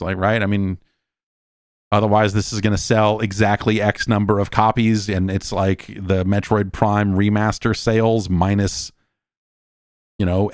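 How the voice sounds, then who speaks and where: Man, middle-aged, solo podcast host; low-pitched, exasperated rambling delivery, dry mic. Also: dry recording. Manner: exasperated, swearing, rambling with restarts. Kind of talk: casual solo podcast rant.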